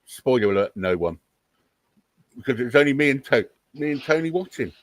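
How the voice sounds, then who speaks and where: A man's voice: medium pitch, lively intonation, a little fast, no echo, low-quality recording. A man from England hosting a livestream, chatting casually and mocking with a chuckle. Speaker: livestream host. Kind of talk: casual reaction chat.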